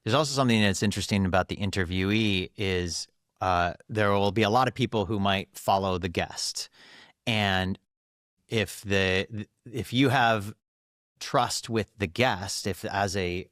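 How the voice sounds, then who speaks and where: Low-voiced man explaining podcasting. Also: measured pace, a bit bright, no echo, studio quality. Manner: explanatory, earnest, laughs easily. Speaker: podcast guest, runs a doctors' network. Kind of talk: conversational interview.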